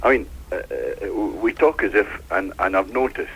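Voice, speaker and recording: A man with a Scottish accent calling into a radio phone-in, halting and stammering before pressing his point firmly. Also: sits low, creaky, fairly bright tone, slight background noise, rough recording. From Lanarkshire, Scotland. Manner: hesitant, stammering, then emphatic. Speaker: phone-in caller. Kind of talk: phone-in discussion. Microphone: telephone line.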